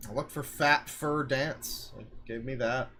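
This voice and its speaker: A man's voice: mid-range voice, pushed and bright, slight background noise. A man streaming live, reacting to videos with wry, crude, rambling asides.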